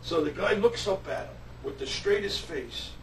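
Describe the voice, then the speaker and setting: Older-style storyteller: man with a high voice, animated anecdote, distant roomy mic. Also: moderate pace. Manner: animated, repeats himself, laughs as he tells it. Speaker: musician telling a story. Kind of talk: casual anecdote. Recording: roomy, distant, faint hiss.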